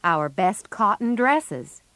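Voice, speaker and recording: A woman voicing a blunt, clumsy tomboyish teenage girl, talking slowly and plainly. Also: mid-range voice, very animated, a bit bright, dry recording. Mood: matter-of-fact. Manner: slow, plain, rueful.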